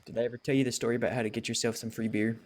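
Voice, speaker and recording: A man telling a long joke story in character, slow and unhurried, acting out each person in it. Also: mid-range voice, level tone, darkish tone, a little hiss or hum. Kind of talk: drawn-out joke told in character.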